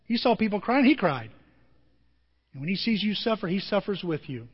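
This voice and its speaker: High-voiced man preaching in a reverberant hall. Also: big pitch swings, normal speed, husky, muffled recording. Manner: emotional, swings from soft to emphatic. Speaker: pastor. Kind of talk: sermon.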